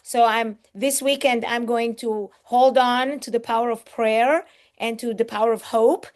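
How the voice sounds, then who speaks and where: A woman's voice: a little high, steady tone, a little slow. A middle-aged woman hosting an online book launch over a video call, reading out chat comments in an effusive, exclamatory way. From Israel. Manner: effusive, exclamatory, warm thanks to each commenter.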